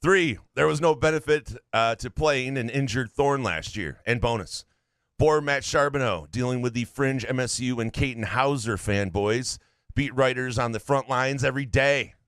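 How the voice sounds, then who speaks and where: A man's voice: mid-range voice, normal speed, fairly bright tone, no echo. A man co-hosting a casual sports podcast, reading listener takes in a blunt, profane way. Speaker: podcast co-host.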